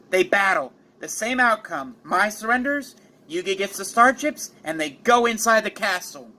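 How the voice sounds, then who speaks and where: A man's voice: sits high, lively intonation, normal speed, sharp tone. A young man casually narrating a fan story as a channel host, dramatic and playful.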